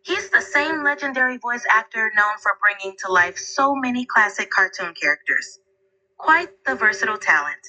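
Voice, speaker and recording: A synthetic woman's voice of an AI assistant, answering in an upbeat, polite and even way. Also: a little high, moderate pace, rough recording. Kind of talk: conversational assistant replies.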